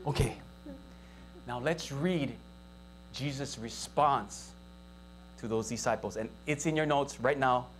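A pastor with a Hawaii local accent preaches at a church service in an easy, conversational way. The voice sits at a middling pitch. A faint hum runs underneath. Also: takes it slowly, pauses often. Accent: Hawaii local English. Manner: conversational, asks the congregation for responses. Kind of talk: sermon. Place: church service, live-streamed.

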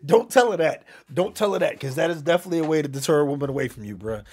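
A young man hosting a live-stream reaction, loud and excitable, often calling out to his chat. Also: on the high side, racing, heavy background noise.

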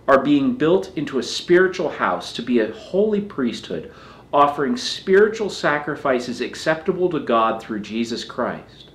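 A man's voice: mid-range voice, sing-song, moderate pace, reverberant. A man preaching a sermon as pastor, earnest, often repeating phrases as he builds a point.

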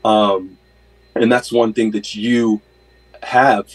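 A man's voice: on the low side, level tone, slow pace, poor audio. A man in his thirties, a basketball coach, telling his story in a casual interview, earnest and full of faith, with many fillers. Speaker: NBA player development coach, guest.

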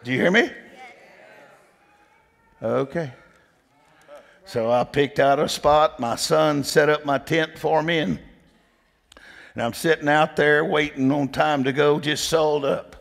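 Man, preacher, gravelly voice, slow folksy delivery, long church reverb. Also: fairly high pitch, steady tone. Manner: folksy, emphatic, repeats "did you hear me". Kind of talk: storytelling sermon. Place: church sanctuary.

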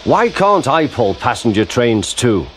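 A man's voice: medium pitch, a little slow, a little hiss or hum. A man voicing a small, eager young male tank engine who is impatient, boastful and fussy. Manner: fussy, excitable. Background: background music.

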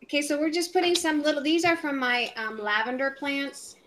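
Woman from puerto rico chatting thru a live craft stream, kinda high voice, rambly and friendly w the chat. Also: brisk, a bit bright, poor audio. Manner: chatty, rambling, talks to viewers by name. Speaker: craft channel host.

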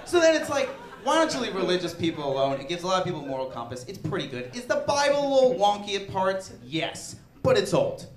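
A man doing stand-up comedy in a club, talking in an animated, profane, conversational way. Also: high voice, fast talker, hardly any pauses, some chatter behind. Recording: echoey club with audience laughter. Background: audience laughter.

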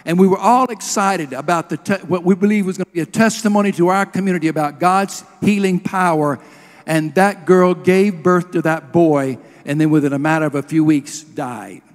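Middle-aged male preacher, earnest storyteller, slightly high voice, long hall reverb. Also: moderate pace. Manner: earnest storytelling, drops to a hush at emotional moments. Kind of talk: sermon.

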